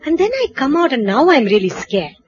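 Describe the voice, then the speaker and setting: A woman from India, telling a personal anecdote in a lively way, acting out dialogue and laughing at herself. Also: high-pitched, brisk, muffled recording. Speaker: storyteller. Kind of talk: personal anecdote told to an audience.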